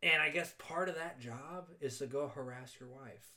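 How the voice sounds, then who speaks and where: Bright-voiced man recapping a movie. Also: mid-range voice, normal speed. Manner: profane, laughing, animated retelling with quoted voices. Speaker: podcast co-host recapping a movie. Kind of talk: casual chat.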